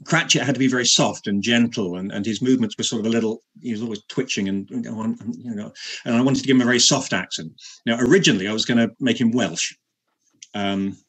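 A man, an actor being interviewed, telling a self-mocking anecdote in halting speech with many repeated words and frequent laughter. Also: medium pitch, a bit bright, breathy edge.

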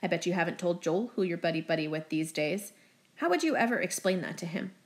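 A woman voicing a stern middle-aged father in an audiobook, measured in tone but challenging. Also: on the low side, expressive. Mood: pointed.

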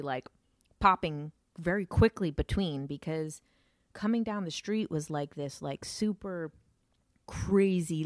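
Slow, low-voiced woman telling a story. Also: darkish tone, no echo, clean studio sound. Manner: filler-heavy, swears, vivid retelling. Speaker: storyteller recounting an encounter. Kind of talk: casual storytelling.

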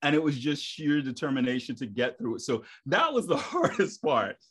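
A middle-aged man, a stage performer guest on a podcast, telling stories in a lively way and acting out his own thoughts. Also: mid-range voice, moderate pace, slightly rough. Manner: animated, acts out his own inner thoughts. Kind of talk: casual storytelling interview.

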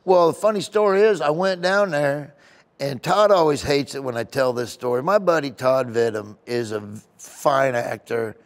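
Animated man telling rambling stories. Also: medium pitch. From United States. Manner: animated, rambling anecdotes with quick voice impressions. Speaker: comedian guest. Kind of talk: casual interview storytelling.

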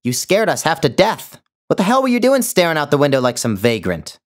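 A man voicing an imperious, theatrical older woman who barks orders in a shrill, commanding voice. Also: big pitch swings, moderate pace, darkish tone. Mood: scolding. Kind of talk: audiobook character voice.

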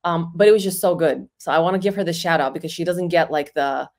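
A woman comedian and impressionist talks casually on a podcast in a lowish voice. She is snarky and self-assured and leans on "you know" and "like." She comes across as easygoing and chatty. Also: fast, darkish tone.

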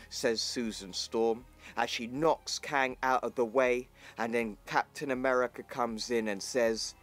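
A man hosting his channel, narrating a comic book story in plain, even storytelling and reading the characters' lines in his own voice. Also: mid-range voice, measured pace, few pauses, soft background music. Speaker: channel host.

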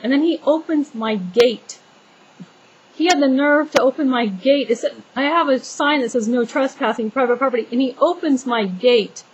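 A woman's voice: sits high, moderate pace, dull audio, slight background noise. A woman venting in a casual vlog, talking in an exasperated, rambling way with many restarts and fillers. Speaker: homeowner venting to viewers.

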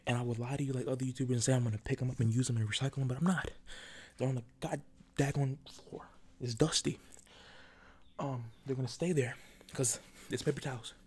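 Breathy man in a chaotic whispered ASMR ramble. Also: mid-range voice, steady tone, fast, a little mellow. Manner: chaotic, jokey, rambling, drifting between whispers and talk. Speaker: ASMR creator. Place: at home, sitting before a camera. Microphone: ASMR microphone, close.

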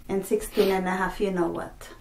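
A woman's voice: medium pitch, slight background noise. A middle-aged woman, the vlogger's mother, chatting casually and dropping teasing, playful side comments. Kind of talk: casual chat.

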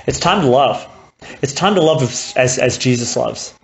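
Very low-voiced woman preaching conversationally. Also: lively intonation, moderate pace, creaky, rough recording. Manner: conversational, acting out quoted voices. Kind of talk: sermon. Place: church altar gathering.

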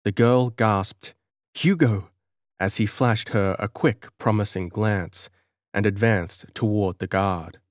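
A man narrating an audiobook in a measured, dramatic storytelling manner. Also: on the low side, fairly even intonation, no room sound, studio quality.

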